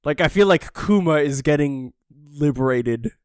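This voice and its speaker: A man's voice: on the high side, animated, moderate pace, smooth, no room sound, clean studio sound. Emotional man co-hosting a podcast. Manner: emotional, sighing, reads dialogue quietly. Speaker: podcast co-host. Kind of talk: casual chat, reading manga panels aloud.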